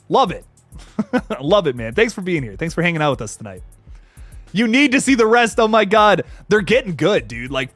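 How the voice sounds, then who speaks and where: A man hosting a horror movie channel, chatting casually on a livestream, excitable and swearing often. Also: on the high side, dry recording. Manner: excitable and swearing, with frequent laughs. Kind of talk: casual livestream chat reading super chats.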